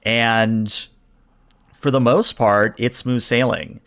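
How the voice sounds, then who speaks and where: A man running a science fiction tabletop game as game master, with a mid-range voice. He narrates scenes and explains the rules in a relaxed, explanatory way, slowing down to stress key moments. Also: medium pitch, smooth.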